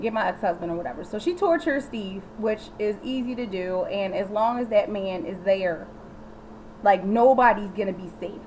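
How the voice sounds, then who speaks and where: A woman vlogger giving a sassy, animated recap of a TV episode and talking straight to the viewer. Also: mid-range voice, slight background noise, rough recording. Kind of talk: casual chatty recap.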